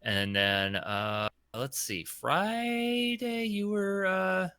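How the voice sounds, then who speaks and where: A man's voice: sits high, animated, drawn-out words, bright, forceful tone, no echo, clean studio sound. A man co-hosting a casual gaming podcast, easygoing and laughing along, with lots of hesitant fillers. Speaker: podcast co-host.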